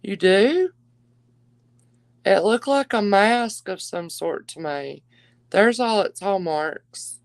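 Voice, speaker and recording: A woman's voice: mid-range voice, animated, takes it slowly, pauses often, no room sound, low-quality recording. A woman hosting a live jewelry auction stream, chatty and gushing, calling her viewers darling and y'all. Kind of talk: casual live-stream selling chat.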